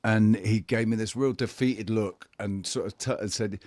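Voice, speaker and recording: Candid low-voiced man telling a story. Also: fairly even intonation, darkish tone, dry recording, studio quality. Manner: candid, blunt storytelling with swearing; halting, with frequent restarts. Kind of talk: casual chat.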